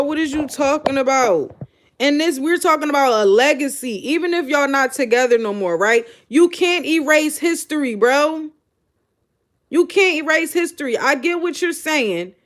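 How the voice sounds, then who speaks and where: Female host, high-pitched, blunt and incredulous casual commentary to viewers. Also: measured pace. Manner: blunt, animated, incredulous, talks to the audience. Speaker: show host. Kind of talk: casual live reaction commentary.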